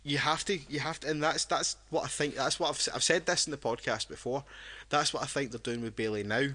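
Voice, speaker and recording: Tipsy podcast co-host, bright and rambling, tripping over his own words. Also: mid-range voice, brisk. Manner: rambling, with many restarts. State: drunk. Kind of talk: casual podcast chat.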